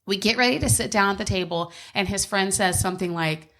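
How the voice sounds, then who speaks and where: A woman's voice: mid-range voice, fairly quick, fairly bright tone. A woman co-hosting a podcast from home, telling a personal story in a candid, blunt casual chat, with frequent swearing. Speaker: podcast co-host.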